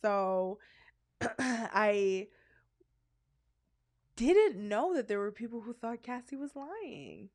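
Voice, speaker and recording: A woman from Canada co-hosting a podcast, telling stories in a candid, animated, casual way. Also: on the high side, extremely slow, pauses often. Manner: candid, animated storyteller who slips into voices. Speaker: podcast co-host. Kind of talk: casual chat.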